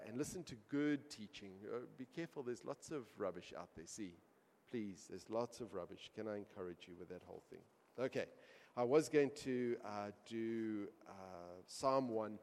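Male pastor mid-sermon, dynamic delivery from hushed to loud, church-hall reverb. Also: mid-range voice. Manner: swings from quiet asides to loud emphatic storytelling.

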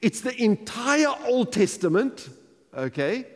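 A high-voiced man preaches with lively swings in pitch, stressing and repeating his key phrases. His sermon rings with the long reverb of a church hall. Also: slow. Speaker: pastor.

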